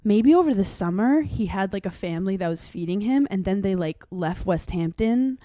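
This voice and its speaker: Animated young woman telling a story. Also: medium pitch, normal speed, no room sound. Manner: animated storyteller, acts out voices. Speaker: podcast co-host. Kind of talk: casual chat, storytelling.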